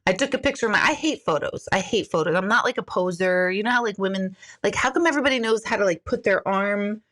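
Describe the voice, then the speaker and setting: Fast-talking and a bit bright in a mid-range voice, a forties-aged woman rambles casually on a live stream, packing in fillers. She keeps leaping into over-the-top impressions of other people.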